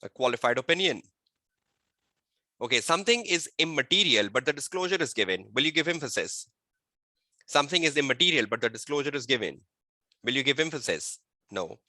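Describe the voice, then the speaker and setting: A male audit tutor giving an online exam-prep lecture, repeating key phrases and quizzing his listeners, slowing to a dictation pace to state the rules. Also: medium pitch, sing-song, bright, forceful tone, no room sound. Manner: slow dictation-like delivery when stating rules. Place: webinar.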